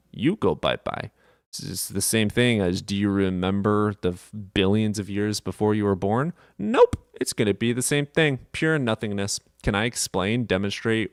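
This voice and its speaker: Low-voiced guy streamer, swears a lot, rattles off answers to chat, dry close sound. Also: clear, resonant tone, no room sound. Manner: rapid, profane, offhand. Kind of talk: casual livestream chat.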